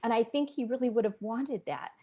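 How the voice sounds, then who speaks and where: A woman's voice: fairly high pitch, brisk, mellow, slightly rough. A woman guest in an interview, recounting a personal testimony in an earnest, emotional storytelling manner. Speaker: podcast guest.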